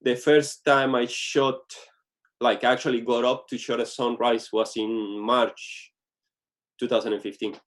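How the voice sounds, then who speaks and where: A man's voice: medium pitch, little pitch movement, a little slow. A man being interviewed as a guest photographer, talking casually and often restarting his sentences with small slips.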